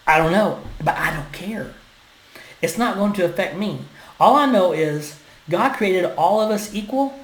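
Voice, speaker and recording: A vlogger, delivering an impassioned, emphatic opinion rant that swings between loud and hushed. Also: medium pitch. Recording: echoey room.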